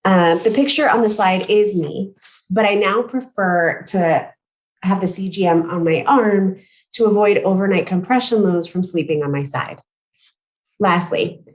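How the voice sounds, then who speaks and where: A woman nearing forty reading a prepared conference talk in a measured, careful way, now and then clearing her throat and correcting herself. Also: medium pitch, darkish tone, poor audio. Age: late 30s. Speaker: patient speaker at a medical conference.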